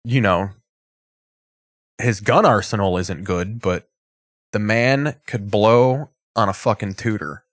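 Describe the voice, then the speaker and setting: A man's voice: lowish voice, slow pace, pauses often, no echo. A man hosting a show, chatting casually and sarcastically with frequent swearing while reacting to a live game. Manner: loose, sarcastic, swears often. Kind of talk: casual profane commentary.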